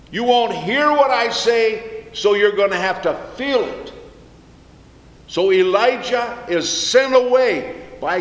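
A man preaching in a high voice, taking his time and repeating phrases for emphasis. His words ring through a large church hall with a long echo. His tone stays earnest throughout. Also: a bit bright. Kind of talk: sermon. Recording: echoey hall with long reverb.

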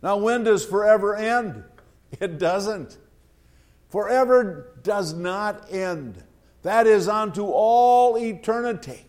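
A man delivering a sermon in a high voice. He speaks slowly and deliberately, leaning on repeated phrases for emphasis. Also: darkish tone. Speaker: preacher.

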